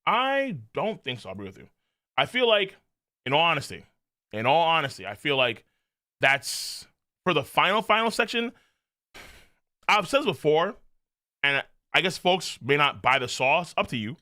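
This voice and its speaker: A man streaming a live manga reaction, talking in an animated, profane way with lots of laughing asides. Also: on the high side, normal speed, pauses often, no room sound, clean studio sound.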